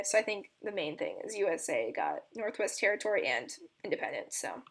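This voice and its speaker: A woman's voice: a little high, sing-song, fairly quick, hardly any pauses, fairly bright tone. A young woman giving a casual history explainer as a student presenter, chatty and filler-heavy with frequent ums and likes, and giggly asides.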